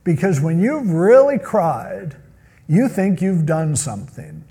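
Male pastor, sermon, conversational, husky, slightly high voice. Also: very animated, slow pace, mellow. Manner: conversational, acts out quotes.

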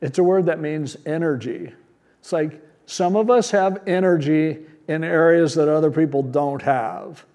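A man's voice: fairly high pitch, warm tone. Plain-spoken male pastor preaching. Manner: conversational, plain-spoken teaching with rhetorical questions. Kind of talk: sermon.

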